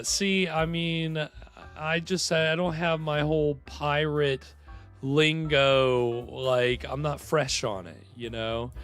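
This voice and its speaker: A man's voice: fairly high pitch, fairly bright tone. A man hosting a livestream, chatting casually and rambling with lots of fillers. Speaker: livestream host. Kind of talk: casual chat.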